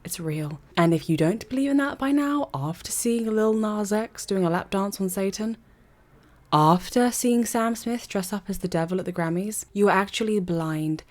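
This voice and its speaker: A woman's voice: medium pitch, normal speed, darkish tone. A young woman giving an earnest, conversational opinion monologue to camera, often asking rhetorical questions. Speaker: vlogger.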